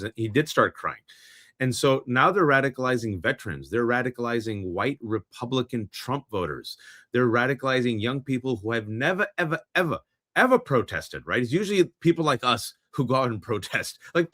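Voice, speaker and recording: Impassioned man with a lively voice. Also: mid-range voice, brisk. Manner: impassioned, sarcastic, acts out mock dialogue. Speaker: podcast host. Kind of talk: political commentary.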